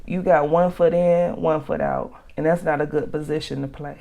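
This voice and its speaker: Woman vlog host, low gravelly voice, blunt slangy commentary. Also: normal speed. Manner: blunt, animated advice with slang. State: out of breath. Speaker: channel host. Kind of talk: reaction commentary to a reader's post.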